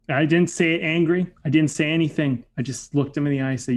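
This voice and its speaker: A man with a fairly high, gravelly voice speaks quickly with fairly even intonation. He reflects casually on a personal story, peppering it with "you know" and frequent "like."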